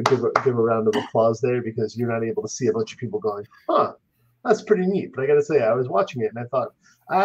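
A man moderating a live-streamed meetup, his voice husky and a bit grainy, coming through a dull, lo-fi connection. He talks in an eager, slightly apologetic way and trips over repeated words. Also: mid-range voice, a little mellow. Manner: enthusiastic, apologetic, halting restarts.

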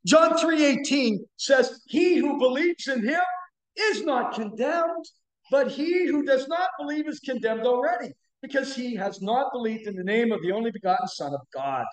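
A man preaches with a very high voice, punching key phrases in loud, emphatic bursts. His sermon rings through an echoey church room. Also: expressive, moderate pace. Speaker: guest preacher. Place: church sanctuary.

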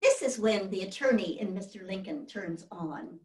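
This woman has a mid-range, expressive, natural voice and keeps a moderate pace. Portraying a historical first lady, a genteel 1800s widow, she chats fondly through family stories with exclamations in a live one-woman reenactment. The stage recording comes from a distant mic in a roomy hall.

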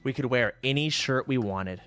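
A man's voice: medium pitch, normal speed, fairly bright tone, faint music behind. A young man streaming from home, telling old stories in a casual, profane, sarcastic way into a desk mic. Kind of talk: casual storytelling to a live stream audience.

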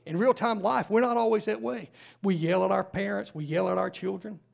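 A man's voice: high-pitched, fairly even intonation, a little fast, creaky. A man preaching a sermon in a church, conversational, with frequent rhetorical questions. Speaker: pastor. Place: church sanctuary.

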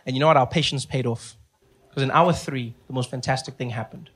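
A male stand-up comedian telling a story in an animated way and acting out the people in it. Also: medium pitch, fairly quick, breathy edge. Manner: animated, acts out characters.

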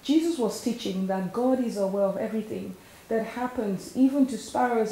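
A woman's voice: on the high side, normal speed, mellow. A woman hosting and preaching a sermon, earnest, asking the listener questions and leading them in prayer. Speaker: host and preacher. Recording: echoey room with faint hiss.

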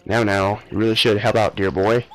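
A man's voice: fairly low pitch, flat delivery, fairly quick, fairly bright tone, soft background music, close to an everyday voice, poor audio. A man voicing a pompous upper-class explorer with an affected plummy manner. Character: pompous posh male explorer.

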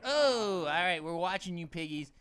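A man's voice: high-pitched, animated, moderate pace. A man hosting a gaming channel, giving goofy let's-play commentary full of puns and talking to the characters on screen. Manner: punning, jokey, talks to game characters. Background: game music.

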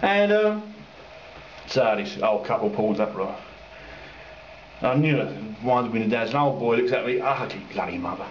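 A cyclist rants angrily to camera about drivers asking him for directions, swearing and mimicking them in put-on voices in a rambling way. His medium-pitched voice is expressive and a little slow, with frequent pauses; the lo-fi recording is roomy and dull, with faint ambience and a little hiss or hum.

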